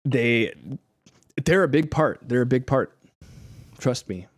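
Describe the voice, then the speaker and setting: Slow, animated man chatting on stream. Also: mid-range voice, no echo, studio quality. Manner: rambling, with fillers and self-mocking laughs. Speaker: music streamer. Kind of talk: casual live-stream chat.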